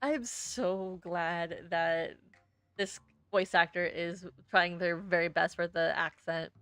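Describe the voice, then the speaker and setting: A woman's voice: fairly low pitch, fairly even intonation, slow pace, a bit bright, smooth, dry recording, faint music behind. A young woman streamer reading a story game aloud with chatty, self-deprecating asides.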